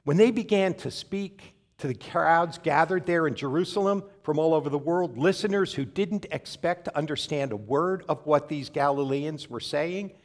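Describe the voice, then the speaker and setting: A man's voice: a little high, normal speed, hardly any pauses. A man preaching a sermon, telling a funny travel story with wry, conversational asides. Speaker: pastor.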